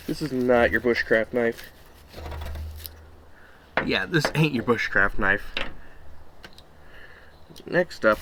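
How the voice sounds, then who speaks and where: In a mid-range, slightly bright voice, with a little hiss or hum in the recording, a knife reviewer casually tries out pocket knives. He carves and cuts in an offhand way, muttering as he works and letting out quick exclamations during this hands-on demo.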